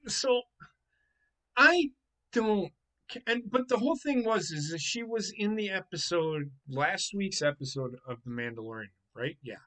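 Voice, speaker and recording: A man hosting a casual chat over a call, ranting with constant swearing, swinging from muttering to yelling. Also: sits high, expressive, a little slow, poor audio. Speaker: host. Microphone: headset or desk mic on a call.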